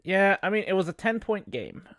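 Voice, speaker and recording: A man's voice: sits high, sing-song, moderate pace, a bit bright, no echo, studio quality. A man hosting a casual sports podcast, rambling with fillers and swearing, with a cough. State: has a cough. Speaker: podcast host.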